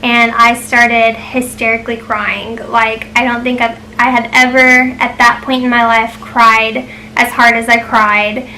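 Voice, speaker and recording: A woman's voice: on the high side, level tone, measured pace, bright, forceful tone, slight background noise, low-quality recording. A young woman telling a personal story to camera in a chatty way, full of ums and likes. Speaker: vlogger.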